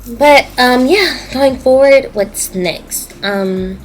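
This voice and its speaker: A woman's voice: high-pitched, very slow, soft background music, low-quality recording. A young woman with a Southern US accent, talking candidly to her viewers in a personal video diary. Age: young adult. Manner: candid, emotional, speaking to viewers. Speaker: YouTuber.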